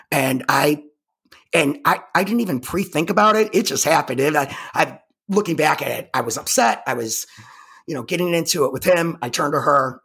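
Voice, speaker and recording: A woman's voice: sits low, gravelly, fairly bright tone, husky. A woman telling a personal story as an interview guest, emphatic and intense, often stopping to restart her words. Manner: halting, with frequent repeated restarts.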